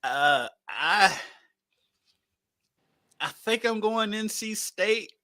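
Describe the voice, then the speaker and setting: Bright-voiced man in casual sports chat. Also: high voice, extremely slow, no echo, clean studio sound. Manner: relaxed, chuckling. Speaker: podcast co-host.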